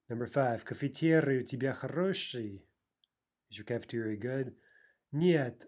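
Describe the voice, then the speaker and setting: Husky, mellow-voiced male language teacher. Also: medium pitch, moderate pace. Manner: patient explaining with frequent "right?" and "uh". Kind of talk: recorded language lesson.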